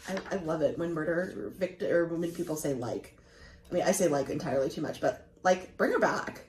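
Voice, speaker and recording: A woman co-hosting a podcast, chiming in with jokey asides and quick reactions. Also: low voice, mellow, roomy sound. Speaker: podcast co-host. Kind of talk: casual chat.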